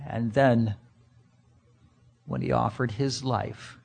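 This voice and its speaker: A man preaching a sermon, emphatic and full of rhetorical questions, swinging between loud and hushed. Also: fairly high pitch, animated, slow, long pauses, slight background noise. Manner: speaks to the congregation directly. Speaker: pastor.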